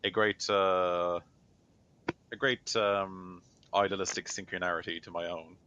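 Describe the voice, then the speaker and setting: A man voicing a neutral, impassive male Inquisitor judge who speaks in measured, formal sentences, on a dull lo-fi recording. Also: low-pitched, little pitch movement, sharp tone, a little hiss or hum.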